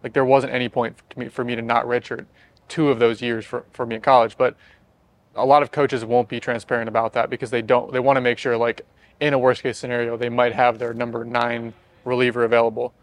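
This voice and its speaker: A young man hosting a casual podcast discussion, leading the questions in a quick, conversational way. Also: mid-range voice, flat delivery, no echo. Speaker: podcast host.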